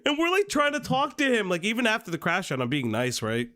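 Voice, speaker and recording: A man's voice: sits high, huge pitch swings, a little fast, sharp tone. A man hosting a commentary stream, telling a story in casual chat, laughing often mid-sentence and swearing a lot. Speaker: stream host.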